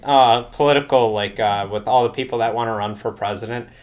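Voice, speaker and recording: A young man hosting a casual podcast chat who talks in an animated way and often breaks into loud umpire impressions. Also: medium pitch, fairly quick. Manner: animated, loudly mimics umpires. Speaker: podcast host.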